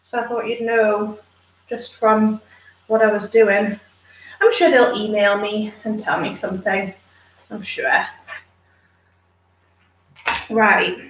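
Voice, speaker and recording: A woman's voice: medium pitch, level tone, takes it slowly, long pauses, slight background noise. A woman streaming casually while grooming her dog, chatting with viewers and cooing baby talk to the dog. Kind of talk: casual live chat with viewers. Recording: roomy, distant from the mic.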